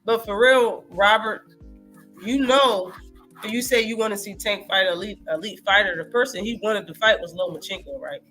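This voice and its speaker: High-voiced animated man on a live stream. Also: moderate pace, soft background music. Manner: animated, profane, reacts to live chat. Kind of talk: casual live-stream boxing talk.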